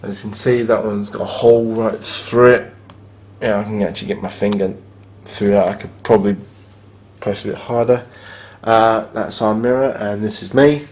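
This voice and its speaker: A man's voice: lowish voice, fairly even intonation, moderate pace, a little mellow, slight background noise. A man, filming a casual spoken review of his hotel room and grumbling bluntly about its faults.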